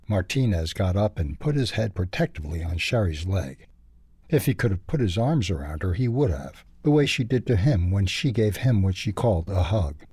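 A man reads aloud in a steady, measured way, moving from a book review into a children's story. His voice is low-pitched and a little husky. The recording is dry, with no room sound. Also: no room sound. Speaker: reader.

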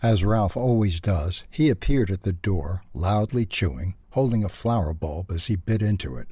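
A man reading a children's storybook aloud, expressive and lively. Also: sits low, moderate pace, hardly any pauses, husky, dry recording.

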